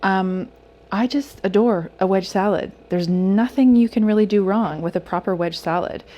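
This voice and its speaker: A woman's voice: medium pitch, moderate pace, warm tone. A woman hosting her own cooking video, chatting casually and enthusiastically about food, at times talking while she eats. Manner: talks while eating. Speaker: cooking channel host.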